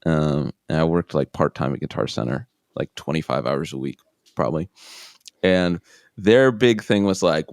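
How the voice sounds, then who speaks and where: A man telling his own story as an interview guest, self-deprecating and animated, acting out the people in it. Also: rumbling low, moderate pace, vocal fry, dry recording, studio quality. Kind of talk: casual storytelling.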